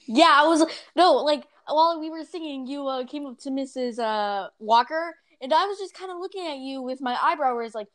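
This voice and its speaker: A woman's voice: high-pitched, normal speed, hardly any pauses, a bit bright. A teenage girl chatting casually with friends, bantering playfully and defensively. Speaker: guest friend. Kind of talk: casual chat among friends.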